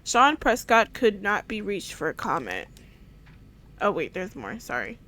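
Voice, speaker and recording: A woman's voice: mid-range voice, very animated, measured pace, creaky, bright, forceful tone, slight background noise. A woman gaming streamer giving casual commentary, giggling, stumbling over words as she reads aloud, and swearing casually. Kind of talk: casual let's-play commentary.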